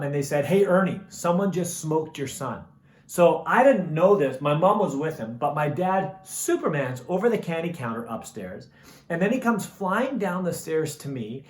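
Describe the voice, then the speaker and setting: A man preaching a recorded camp message in a slightly high voice, casual and chatty. He tells stories with animated energy and then turns soft and earnest. The room around him is echoey. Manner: animated storytelling, falling to soft earnest appeals; casual, says "man" and "right?". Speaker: camp speaker.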